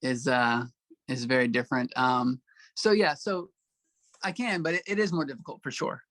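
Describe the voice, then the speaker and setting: Southern-accented man, halting interview guest. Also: mid-range voice, fairly even intonation, fairly bright tone, dry recording. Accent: Southern US, Arkansas. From Arkansas, US. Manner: halting, with many "um"s and restarts. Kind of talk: casual interview answers.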